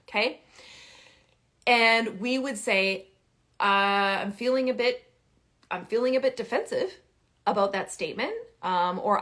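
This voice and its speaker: Woman talking parents thru healthy conflict on a live stream, punchy and repetitive, voice jumps way up when she gets into it. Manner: emphatic, with big swings in pitch and loudness; repeats key phrases for emphasis. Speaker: parenting coach. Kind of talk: live-streamed casual advice talk.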